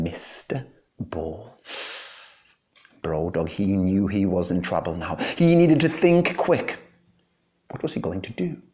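A man's voice: medium pitch, darkish tone. A man telling a folktale dramatically, dropping to whispers and swelling again, over guitar music. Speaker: storyteller.

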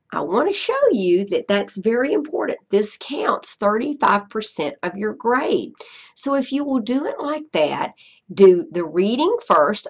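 Gravelly-voiced teacher walking through a screencast. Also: female voice, mid-range voice, muffled recording. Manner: patient, repeats herself, checks in with "okay?". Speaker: Spanish teacher. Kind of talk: screencast tutorial.

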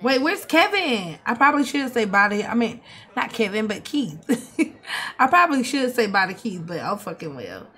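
A young woman, giving animated, swearing, mock-outraged commentary as she plays a life-sim game. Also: a little high, normal speed, husky. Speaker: gaming streamer. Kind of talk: casual gameplay commentary.

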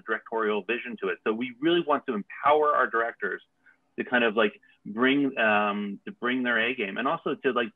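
A man, a TV showrunner, talks loosely and circles back through restarts as he explains his work. His voice sits at an ordinary pitch. It comes through a narrow, phone-like video call line. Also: gravelly. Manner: rambling, many restarts. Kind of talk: casual interview talk.

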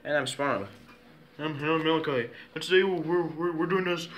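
A man's voice: fairly high pitch, moderate pace, a bit bright, highs cut off, a little hiss or hum. A man recording himself in playful pretend play, rambling and repetitive, with many restarts.

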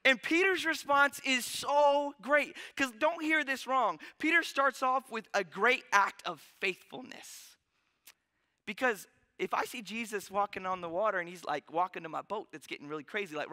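A man's voice: very high voice, brisk, pushed and bright. A male pastor preaching in a church, casual and joking, with lots of conversational asides. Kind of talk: sermon. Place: church sanctuary. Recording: long church hall reverb.

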